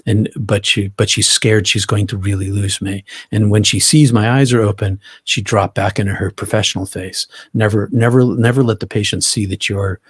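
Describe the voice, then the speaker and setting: Middle-aged male guest, husky and lowish, earnest vivid storyteller who restarts his phrases. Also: steady tone, normal speed, few pauses, dry recording, studio quality. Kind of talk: personal storytelling in an interview.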